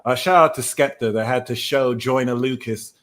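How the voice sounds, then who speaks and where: A man's voice: medium pitch, normal speed, natural voice. A man putting on a boastful British tarot-reader persona with a put-on, half-Americanized British accent, teasing and rambling with fillers on a live stream. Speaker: tarot reader, livestream host.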